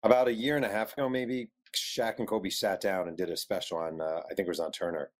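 Male author, lowish voice, animated storyteller who acts out quotes. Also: fast. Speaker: author guest. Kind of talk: telling a story in an interview.

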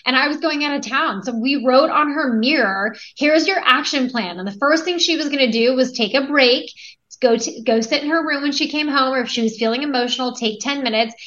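Woman, 30s, podcast guest, energetic storyteller, dull lo-fi recording. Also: sits high, fairly quick. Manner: energetic, storytelling with quoted dialogue. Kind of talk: conversational interview. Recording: dull lo-fi audio.

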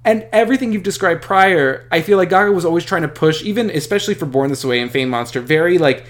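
A man co-hosting a podcast in casual chat, measured, with dry humor. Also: on the high side. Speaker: podcast co-host.

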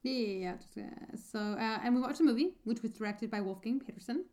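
Woman, podcast co-host, slightly high voice, casual halting chat. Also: mellow. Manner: chatty, halting, many fillers and restarts.

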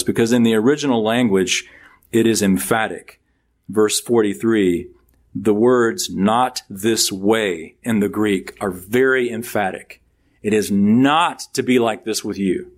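A middle-aged male pastor preaching a sermon, conversational at first and then building to emphatic peaks. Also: fairly low pitch.

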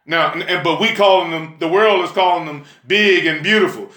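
Male preacher, emphatic sermon, bright forceful voice, echoey room. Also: fairly high pitch, normal speed. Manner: emphatic, call-and-response "huh?", sudden shouts.

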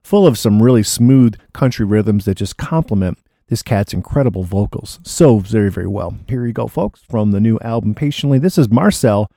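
A man's voice: lowish voice, lively intonation, normal speed, warm tone, dry recording, clean studio sound. A man hosting a radio music show, chatting casually and enthusiastically about records between songs in a laid-back DJ patter.

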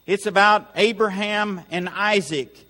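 A male pastor delivers a Sunday sermon with a high, ringing voice that swells for emphasis. His words carry a long reverberation through the church hall, and he mixes earnest exhortation with light humor. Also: steady tone, measured pace, pushed and bright. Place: church sanctuary.

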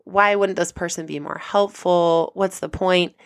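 Gravelly low-voiced woman telling a story. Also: a little slow, no room sound, studio quality. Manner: animated, acts out quoted people with big pitch jumps. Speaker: podcast host. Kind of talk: personal storytelling monologue.

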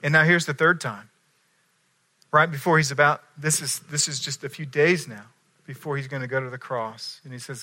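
A middle-aged male pastor preaching a sermon, telling stories with animated voices and dropping from loud to hushed. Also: mid-range voice, brisk.

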